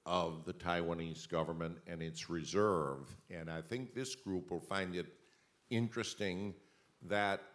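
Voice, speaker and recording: Deep-voiced man moderating a panel. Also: fairly even intonation, a little slow, fairly bright tone. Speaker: moderator, journalist.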